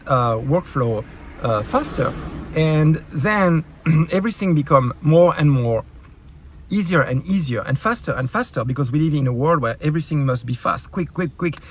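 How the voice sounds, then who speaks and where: A man with a French accent, a YouTube creator, ranting in a heated, sarcastic and profane way, with many halting fillers and restarts. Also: a little high, animated, breathy edge. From France. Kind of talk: ranting vlog commentary.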